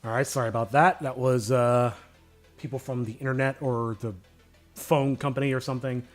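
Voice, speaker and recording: A man's voice: medium pitch, fairly even intonation, normal speed, faint music behind. A man streaming his animation work live, chatting casually with viewers and thinking aloud.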